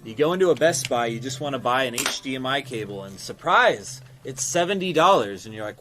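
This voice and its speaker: A man's voice: mid-range voice, animated, fairly quick, hardly any pauses, a bit bright. A man who owns a shop, chatting casually on a livestream and reading viewer comments, rambling with lots of fillers and swearing freely. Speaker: game and toy shop owner streaming live.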